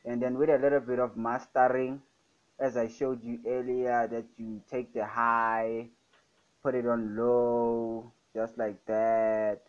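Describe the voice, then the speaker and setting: A man's voice: mid-range voice, flat delivery, slow pace, dull audio. A young man casually talking through a music production tutorial, enthusiastic and repeating his catchphrases. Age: young adult. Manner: enthusiastic, repeats "fire, guys". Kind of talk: casual screen-recorded tutorial. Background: loud music playing.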